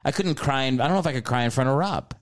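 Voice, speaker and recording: A man's voice: medium pitch, very fast. A man guesting on a comedy podcast, telling stories in casual chat and acting out his own reactions. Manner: animated storytelling, acts out his own reactions.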